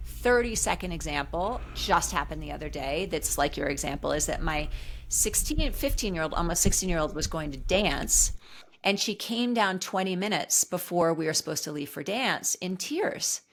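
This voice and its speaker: A woman's voice: on the low side, expressive, normal speed, a little hiss or hum, low-quality recording. A middle-aged woman speaking as a therapist guest in a podcast conversation, earnest and reflective, telling personal stories.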